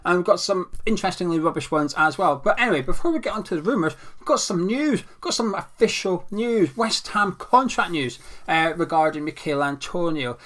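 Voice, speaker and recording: A man's voice: high-pitched, lively intonation, fairly quick, few pauses, a bit bright. A young man hosting a casual football fan show, playful and self-mocking as he talks through club news. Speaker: fan channel host.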